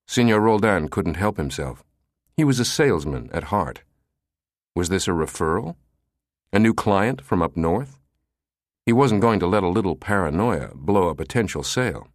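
A male narrator reads a thriller audiobook in a very low, deep voice. His pitch rises and falls with the story. The recording is dry and close to the mic. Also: animated, normal speed, dry recording. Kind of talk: scripted narration of a thriller novel.

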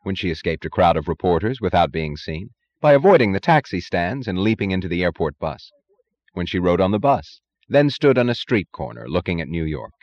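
A man narrating an audiobook in a measured, expressive way, in a dull, lo-fi recording. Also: low voice. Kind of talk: scripted narration.

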